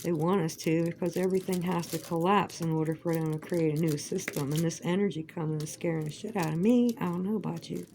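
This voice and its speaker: A woman's voice: lowish voice, steady tone, fast, few pauses, warm tone, slight background noise, rough recording. Profane rambling woman vlogger. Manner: profane, rambling, laughs often. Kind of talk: casual rambling monologue. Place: at home while crafting.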